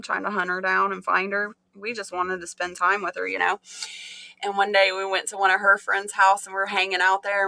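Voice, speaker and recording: A middle-aged woman hosting a livestream, telling animated stories in casual chat and laughing often. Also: mid-range voice, gravelly, no room sound. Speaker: livestream host.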